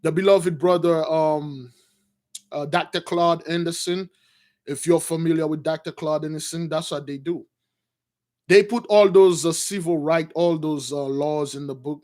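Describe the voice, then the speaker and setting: Slightly high and a bit dark, this preacher's voice stays steady at a measured pace. He reads a text during his sermon and then comments on it, restating it his own way; he addresses listeners as brothers, restarts, repeats himself and drops informal asides.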